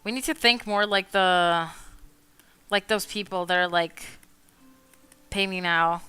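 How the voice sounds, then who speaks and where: A woman with a medium-pitched, clear, resonant voice streams herself drawing, speaking at a measured pace with no room sound and soft music behind her. She chats casually, swears freely, and laughs a lot while ranting in mock outrage.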